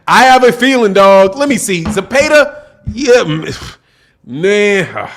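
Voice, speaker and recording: Male stream host, high voice, emphatic slangy rant, repetitive, reacting to chat. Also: sing-song, slow, fairly bright tone, slight background noise. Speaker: boxing channel host. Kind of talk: casual live-stream commentary.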